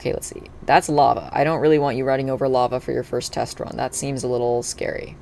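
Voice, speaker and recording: A live streamer chatting casually while playing, thinking aloud and breaking into excited cheers. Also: mid-range voice, quick pace, vocal fry. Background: faint background music and keyboard typing.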